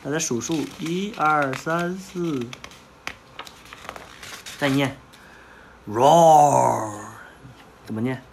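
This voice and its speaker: A woman reading a picture book with a child, saying each word slowly and patiently so the child can repeat it. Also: deep voice, fairly bright tone, slight background noise. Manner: slow, patient, models each word for repetition. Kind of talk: bilingual storybook reading lesson, call and repeat.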